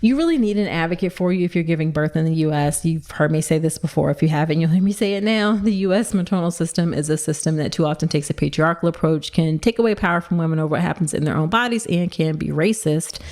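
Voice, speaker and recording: Fast-talking woman host giving advice. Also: lowish voice. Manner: fast, excited, warm advice to listeners. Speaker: obstetrician podcast host. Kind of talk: solo educational podcast talk.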